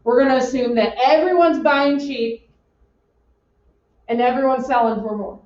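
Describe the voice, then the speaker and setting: A woman teaching an economics class in an animated, joking way, acting out her examples. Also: high-pitched, moderate pace. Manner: animated, jokey, acts out examples. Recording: roomy, distant, dull classroom audio.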